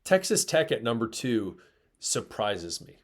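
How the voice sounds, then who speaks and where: A man's voice: mid-range voice, sing-song, a little slow. A man from Michigan co-hosting a sports talk show, making emphatic points in casual conversation. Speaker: sports podcast co-host.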